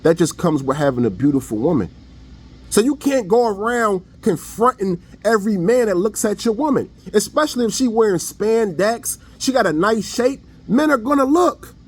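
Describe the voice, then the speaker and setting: A man with a high, light voice talks straight to his audience in a casual opinion monologue. His delivery is blunt and preachy, full of everyday slang. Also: animated, normal speed, slightly rough. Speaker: online commentator.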